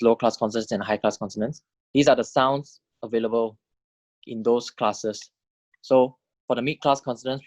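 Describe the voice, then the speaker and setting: A man's voice: medium pitch, dry recording, highs cut off. A man teaching a recorded language lecture, walking through a table step by step and often checking understanding with "right?".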